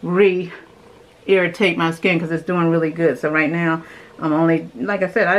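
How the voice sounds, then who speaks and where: At home, a young adult woman demos her morning skincare routine as a beauty vlogger, chatty and enthusiastic while working through the steps. She has a low-pitched, steady voice at a measured pace, and the recording is low quality.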